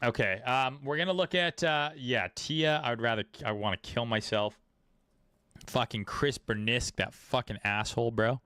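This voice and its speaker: A man's voice: mid-range voice, moderate pace, bright, forceful tone, clear, resonant tone, dry recording, clean studio sound. Blunt, profane man streaming chart talk. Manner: blunt, profane, laid-back, many fillers. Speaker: trading streamer. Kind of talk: casual livestream chart commentary.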